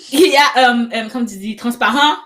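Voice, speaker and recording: A woman's voice: on the high side, normal speed, fairly bright tone. A woman hosting a comedy show, introducing acts with playful, laughing banter. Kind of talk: bilingual stand-up hosting banter.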